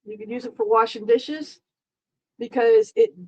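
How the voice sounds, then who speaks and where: A woman's voice: on the high side, measured pace, lo-fi sound. A middle-aged woman streaming live, chatting casually in a dry, sarcastic, rambling way with frequent restarts.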